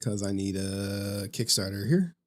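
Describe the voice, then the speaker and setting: A man's voice: fairly low pitch, expressive, measured pace. A man hosting a livestream, chatting casually and rambling to his viewers. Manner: laid-back, rambling, talks to chat. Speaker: livestream host.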